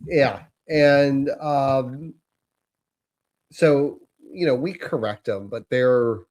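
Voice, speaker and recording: Slow, relaxed podcast dad. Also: male voice, medium pitch. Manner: relaxed, easygoing listener who chimes in. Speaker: podcast co-host. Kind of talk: casual chat.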